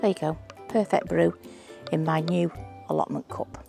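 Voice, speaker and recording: A woman's voice: lowish voice, fairly even intonation, normal speed, creaky, over loud music. A middle-aged woman with a Manchester accent, chatting casually and thinking aloud as she builds a trellis outdoors at her allotment for her vlog. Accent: Manchester English. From England. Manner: chatty, self-deprecating, thinks aloud while doing DIY. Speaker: allotment gardening vlogger. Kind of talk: casual vlog narration while working.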